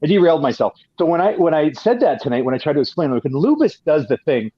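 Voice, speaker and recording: A man's voice: a little high, big pitch swings, quick pace, slightly rough, no room sound, highs cut off. A man from Canada, a guest telling long profane stories in casual chat, with many restarts. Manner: profane, rambling, frequent restarts.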